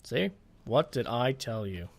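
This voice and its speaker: A man's voice: medium pitch, animated, unhurried, gravelly. A man talking through a strategy game as he plays, thinking aloud and swearing when the game frustrates him. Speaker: gaming channel host. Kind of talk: let's play commentary.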